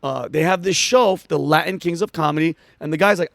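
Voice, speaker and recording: Male comic, fast animated storyteller, raised voice, dry close mic. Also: on the high side, gravelly, dry recording. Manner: fast, excitable, acts out quotes with shouts. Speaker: comedian guest.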